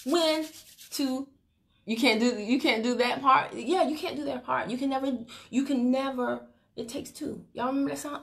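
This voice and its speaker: A woman with a slightly high voice talks straight into her phone on a livestream, coaching her sales team. She is chatty and teasing, slipping from firm advice into playful asides. Her motivational talk is loose and unscripted. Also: fairly even intonation, a little fast, creaky, a bit bright, a little hiss or hum. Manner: chatty, teasing, breaks into laughter. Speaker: network marketing team leader. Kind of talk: motivational Facebook Live talk.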